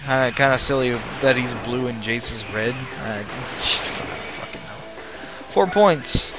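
Excitable man over loud game music. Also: mid-range voice, slow. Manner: excitable, swears, rambles and jokes while playing. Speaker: let's play host. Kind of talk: casual gameplay commentary.

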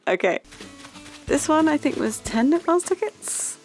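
A woman's voice: high voice, sing-song, unhurried, a little mellow, faint music behind. A young woman hosting a gaming channel, chatting casually over her gameplay in a bubbly, gushing way with frequent giggles.

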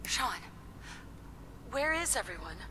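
A woman's voice: a little high, very animated, slow pace, sharp tone, slight background noise, heavily acted. An actress voicing a game heroine, a mother pleading and urgent as she searches for her lost son. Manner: pleading, urgent, sometimes whispered. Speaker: game protagonist.

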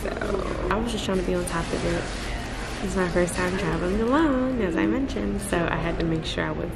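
A woman's voice: lowish voice, brisk, creaky, heavy background noise. A young woman from Pennsylvania chatting playfully to her viewers in a casual vlog. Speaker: vlogger. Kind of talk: casual vlog chat to camera.

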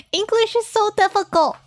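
A woman streamer reads to her chat in a cutesy uwu baby-talk voice, pitched very high, well above her natural voice. She giggles and trips over her words as she goes.

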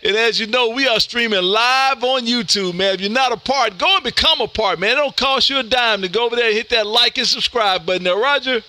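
A man from Texas with a Texan accent, working ham radio contacts on a live stream in a loud, folksy way, tossing "man" into most lines. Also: very high voice, a little fast, hardly any pauses, a little hiss or hum.

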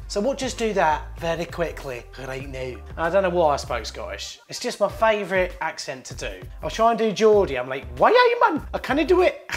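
Chatty British plumber explaining. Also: male voice, high voice. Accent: British English. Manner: chatty, jokey, explaining step by step. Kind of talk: hands-on trade tutorial. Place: indoors at a job site by a hot water cylinder.

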